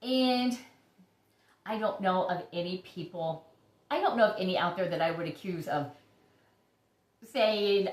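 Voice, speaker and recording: A woman's voice: on the low side, measured pace, long pauses. Gushing woman in an echoey room. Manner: gushing, chatty, breathy exclamations. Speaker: orchid YouTuber. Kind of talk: casual show-and-tell vlog.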